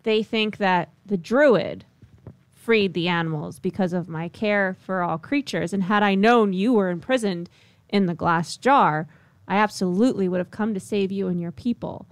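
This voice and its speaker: A woman's voice: medium pitch, normal speed, no room sound. A woman playing a druid character in a tabletop game, earnest and rambling. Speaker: player.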